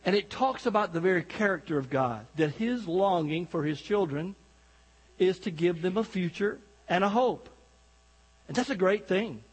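Folksy guest preacher, male, high husky voice, long church reverb. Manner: folksy, joking, talks directly to the congregation. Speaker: guest pastor. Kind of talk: sermon. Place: church sanctuary.

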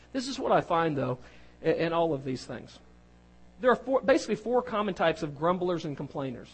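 A man with a high-pitched voice preaches a sermon as pastor. He talks in a conversational, self-deprecating way and keeps turning to his congregation with questions. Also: rough recording.

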